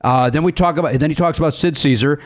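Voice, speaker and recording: A man with a fairly high voice talks fast as he hosts a casual comedy podcast. He's an animated storyteller, acting out the people in his stories by raising his voice for their quotes.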